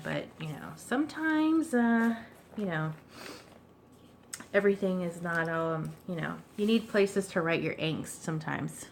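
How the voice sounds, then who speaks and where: A woman's voice: on the low side, a little slow, a little hiss or hum. Chatty woman showing a craft journal. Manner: relaxed, chatty, frequent throat clearing and fillers. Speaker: craft vlogger. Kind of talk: casual show-and-tell craft video.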